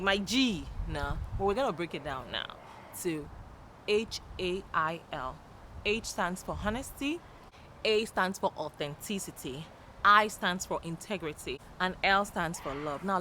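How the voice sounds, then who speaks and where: An upbeat woman gives a motivational talk in a chatty, energetic style. She laughs often and now and then jumps into loud, high-pitched greetings. Steady traffic noise is clearly heard behind her voice. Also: measured pace, low-quality recording. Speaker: motivational YouTuber.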